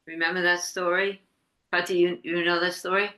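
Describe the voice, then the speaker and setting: A woman leading a devotional class over a video call, telling a story with many restarts and lively quoted voices. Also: on the low side. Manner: halting, restarts often, animated when quoting. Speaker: class leader. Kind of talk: casual storytelling in an online class. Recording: echoey video call audio.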